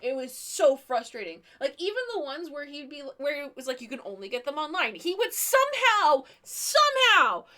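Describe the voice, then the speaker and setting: A woman's voice: high-pitched, big pitch swings, normal speed, few pauses, bright, forceful tone. A woman co-hosting a stream in casual chat, emphatic and swearing freely in mock outrage. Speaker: stream co-host.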